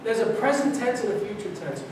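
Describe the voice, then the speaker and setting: A man from Brooklyn, preaching an animated sermon as pastor, often restarting and repeating himself. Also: extremely high pitch, fairly quick, slight background noise. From Brooklyn, New York. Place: large church sanctuary. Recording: very echoey church from far off.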